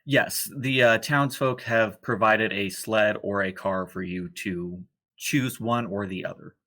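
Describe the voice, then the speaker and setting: A man narrating as game master of a tabletop horror game, relaxed and sometimes losing his thread. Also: on the low side, unhurried, poor audio. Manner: relaxed, occasionally losing his train of thought.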